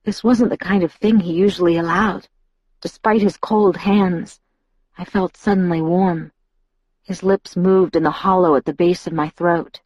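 A woman narrating a first-person audiobook in an intimate, breathy storytelling manner. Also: on the low side, steady tone, measured pace, darkish tone, no room sound, rough recording.

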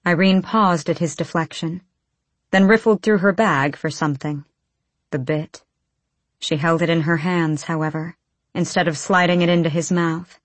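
A woman narrating a fantasy audiobook in a measured, low-key storytelling manner. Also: fairly even intonation, dry recording.

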